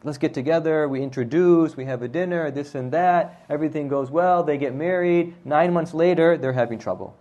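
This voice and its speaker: Man, slightly high voice, conversational religious lesson, storytelling, checks in with "right?". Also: a little fast, hardly any pauses, mellow, lo-fi sound. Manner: conversational, often adds "right?" to check with listeners. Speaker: religious teacher.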